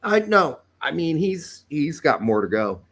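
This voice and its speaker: Male podcast co-host, slightly higher voice, rambling and jokey in casual soccer banter. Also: very animated, a little slow, fairly bright tone. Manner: rambling, joking, reads listener comments aloud.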